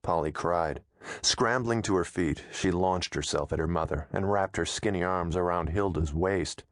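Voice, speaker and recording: A man narrating an audiobook in a steady, measured storytelling manner, close to a studio mic. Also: low voice, no echo.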